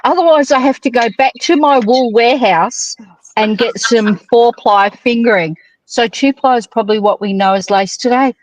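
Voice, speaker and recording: A woman's voice: on the high side, normal speed, no room sound, rough recording. A woman hosting a casual knitting livestream, cheeky and teasing with crude jokes. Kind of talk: casual chat.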